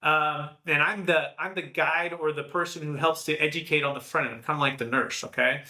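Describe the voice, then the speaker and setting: A man giving an energetic, persuasive podcast pitch on tax strategy, telling a story and acting out the dialogue. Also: brisk, echoey room.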